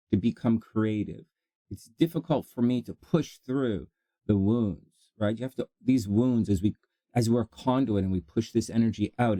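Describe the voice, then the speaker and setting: A man hosting a rambling self-help monologue, jokey and animated, often laughing and answering his own questions. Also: medium pitch, no room sound. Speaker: self-help video host.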